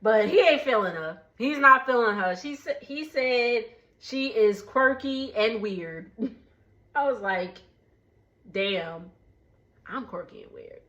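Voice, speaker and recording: A woman's voice: on the high side, animated, slow, sharp tone, dull audio. A woman casually recapping a reality show, chatty and laughing often.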